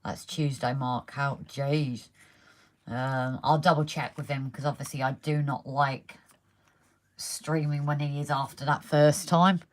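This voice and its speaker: Low-voiced chatty woman, losing her voice. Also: fairly even intonation, a little slow. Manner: chatty, talks while working, reads out viewer comments. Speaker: live stream host. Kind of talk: casual live stream chat while modelling. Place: indoors at a model railway layout.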